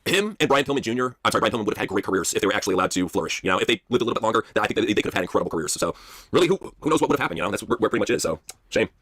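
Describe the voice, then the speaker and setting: Fast-talking husky male host. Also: lowish voice, lively intonation, fairly bright tone, dry recording. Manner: reads listener prompts, laughs often. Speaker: podcast host. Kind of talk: casual chat.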